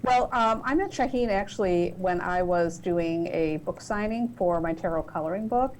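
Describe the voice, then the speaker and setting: A woman, a guest author on a podcast, answering questions in a warm, conversational way, often using "you know.". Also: on the low side, moderate pace, slight background noise, poor audio. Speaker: guest author and tarot reader.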